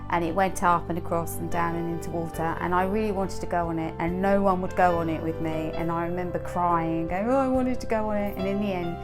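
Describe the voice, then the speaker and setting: Lively middle-aged woman. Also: lowish voice, fairly quick, hardly any pauses, music in the background. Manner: animated, laughing storyteller. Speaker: interviewee. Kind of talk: reminiscing interview.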